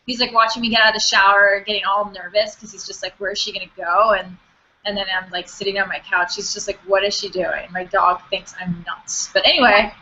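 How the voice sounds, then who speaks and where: A woman's voice: medium pitch, fairly even intonation, fairly quick, sharp tone, highs cut off. A woman guest in a casual chat, giggly and chatty, saying "like" a lot.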